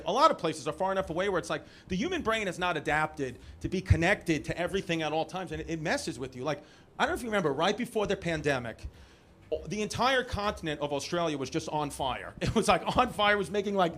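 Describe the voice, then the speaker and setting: High-voiced New stand-up comic. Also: male voice. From Brooklyn, New York. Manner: animated, shifts into quoted voices, banters with crowd. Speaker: stand-up comedian. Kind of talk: stand-up comedy set. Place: theater stage before a live audience. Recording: live venue with audience noise.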